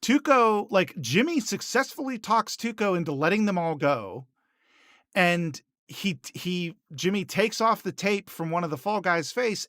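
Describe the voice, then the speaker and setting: A man's voice: sits high, lively intonation, a little slow, fairly bright tone, no room sound, studio quality. A man co-hosting a podcast, retelling TV scenes in casual chat with lots of fillers and restarts. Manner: rambling, many restarts and fillers. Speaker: podcast co-host.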